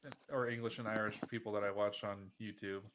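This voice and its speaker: A man playing a game on a live stream, chatting casually in a halting, hesitant way. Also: lowish voice, little pitch movement, background noise. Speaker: fellow player. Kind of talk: casual gaming chat.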